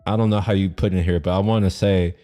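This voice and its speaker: A man gives a casual reaction commentary on a stream. His voice is fairly low and dark, and he rambles with restarts and breaks into laughter often. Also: fairly even intonation, fast, soft background music.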